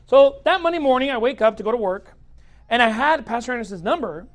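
His very high-pitched voice has lively intonation and runs fast as this pastor recounts his own story. It's casual and chatty, thick with "like," with quoted speech acted out and laughs scattered throughout.

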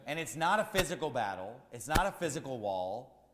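A man preaching a sermon as pastor, repeating his points with rising, shouted emphasis. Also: mid-range voice, very animated, normal speed, roomy sound, big-room sound, crowd noise.

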